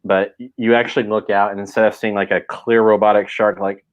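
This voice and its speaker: A man's voice: fairly low pitch, flat delivery, fairly quick, highs cut off. A man hosting a casual podcast chat, talking in a rambling way with lots of fillers and restarts. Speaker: podcast host.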